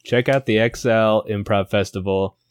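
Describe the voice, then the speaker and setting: A young man tells a silly story at a rambling, laughing clip on a comedy podcast. His voice sits low and sounds smooth and resonant. The recording is dry and close. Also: fairly even intonation, normal speed, no room sound. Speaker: improv comedy podcast co-host. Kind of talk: casual improv pitch and storytelling.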